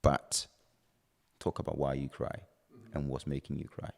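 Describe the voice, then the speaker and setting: A man's voice: extremely low pitch, level tone, measured pace, vocal fry. A man hosting a podcast, talking in an earnest, reflective way. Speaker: podcast host. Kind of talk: casual chat. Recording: reverberant room.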